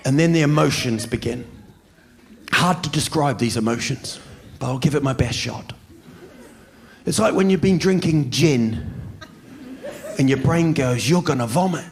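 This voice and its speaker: A male stand-up comedian telling a story on stage with an animated delivery and sudden loud shouts, recorded on a handheld mic. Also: medium pitch, measured pace, long pauses. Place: comedy stage before a live audience. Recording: live show with crowd laughter and hum.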